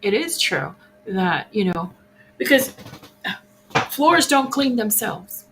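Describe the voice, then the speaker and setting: A woman in casual podcast conversation, reflective and quick to laugh, speaking in short halting bursts. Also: mid-range voice, very animated, music in the background, rough recording.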